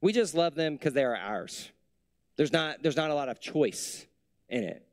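A man preaching a sermon as a pastor, in a conversational way with many rhetorical questions, dropping soft and low for tender lines. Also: lively intonation, normal speed, no room sound, studio quality.

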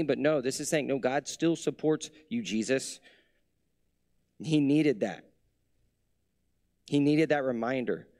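A man preaching a sermon as a pastor, in a conversational way with many rhetorical questions, dropping soft and low for tender lines. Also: slow pace, pauses often, no echo, studio quality.

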